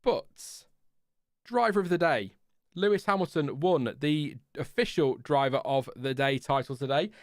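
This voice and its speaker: A man with a voice on the high side hosts a casual live F1 race reaction stream at a normal speed. He is chatty and rambling, full of fillers and restarts, and reads chat messages aloud. The sound is clean studio quality with no echo.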